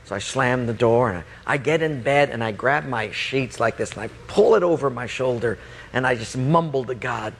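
Animated preacher man telling a story. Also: normal speed, vocal fry, slight background noise. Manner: animated storyteller, acting out voices; lowers voice to quote God. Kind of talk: sermon with a personal story.

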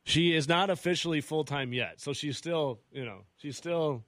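A man co-hosting sports talk radio, telling stories animatedly with quick laughs. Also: a little high, a bit bright, dry recording. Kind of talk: casual radio banter. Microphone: studio radio mic.

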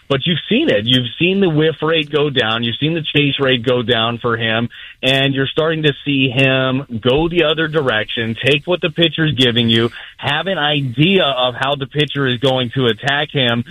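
Male radio baseball analyst, brisk and fluent, dry close sound. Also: mid-range voice, no echo, low-quality recording. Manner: energetic, conversational, fluent breakdowns. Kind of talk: radio sports talk.

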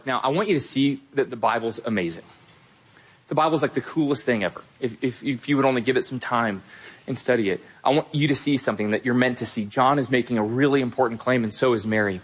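Earnest preaching man, husky. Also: mid-range voice, expressive, a little fast. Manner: emphatic, earnest, repeats key phrases. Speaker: pastor. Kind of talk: sermon.

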